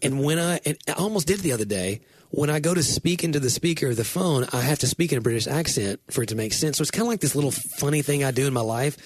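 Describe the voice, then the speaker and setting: A man's voice: fairly high pitch, lively intonation, fast talker, hardly any pauses, slightly rough. A man co-hosting a casual chat, telling long rambling stories with many restarts and fillers. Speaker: podcast co-host.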